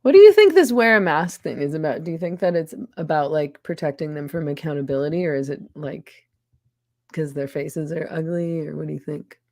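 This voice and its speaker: Woman podcast host, sardonic and laughing, lowish voice, dry close sound. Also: expressive, fairly quick, a little mellow, no echo. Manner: sardonic, laughing often, frequent restarts. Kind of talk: casual conversation.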